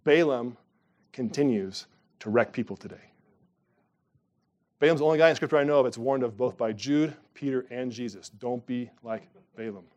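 A middle-aged man preaching a sermon from the pulpit, emphatic and animated, with sudden loud rises. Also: medium pitch, moderate pace. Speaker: pastor.

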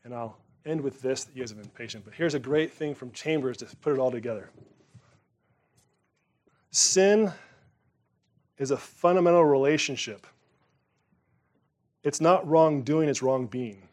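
A man preaching a sermon to his congregation in a conversational way, turning emphatic on some phrases and dropping quiet on others. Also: medium pitch, a little slow, long pauses. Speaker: pastor.

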